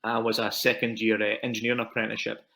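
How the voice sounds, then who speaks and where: A man's voice: fairly low pitch, completely flat delivery, vocal fry, pushed and bright. A Scottish man in his thirties, a property investor guest telling his story casually in an interview, repeating words as he goes. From Scotland. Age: 30s. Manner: quick, rambling with repeated words.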